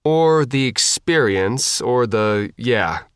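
A man's voice: mid-range voice, lively intonation, slow pace, clear, resonant tone, no echo, studio quality. A man reading the part of a young woman boat captain, firm and commanding. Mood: bossy.

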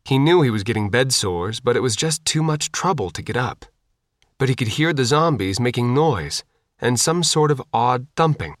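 A man's voice: medium pitch, animated, moderate pace, dry recording. Dry-sounding male audiobook narrator. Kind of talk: scripted narration.

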